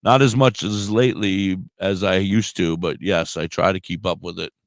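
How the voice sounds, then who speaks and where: A man's voice: sits low, steady tone, moderate pace, no echo. A man co-hosting a casual chat, laid-back and swearing casually. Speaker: co-host.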